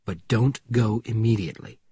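A cold, commanding killer nurse giving curt, businesslike orders, as a man reads her part. Her voice is husky, and the storybook reading is recorded close and dry. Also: fairly low pitch, normal speed, warm tone, dry recording.

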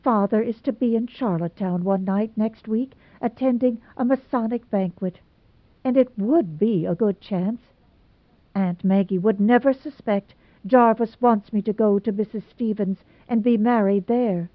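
A woman's voice: medium pitch, measured pace, no room sound, voice pushed up, lightly acted. A woman voicing a timid young woman torn between her father and her suitor, pleading and anxious. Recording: tinny phone-like sound, dry.

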